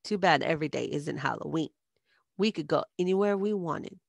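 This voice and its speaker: A woman's voice: low-pitched, a little fast, vocal fry, dry recording. A woman reading a story aloud, voicing a spirited young girl in a cowgirl costume who speaks up boldly. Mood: playful. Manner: bold and outspoken.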